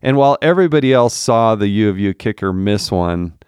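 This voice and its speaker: Animated middle-aged man telling stories. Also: lowish voice, brisk, clear, resonant tone, no room sound, studio quality. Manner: animated, laughs often, acts out quotes. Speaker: podcast guest, former congressman. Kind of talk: casual storytelling chat.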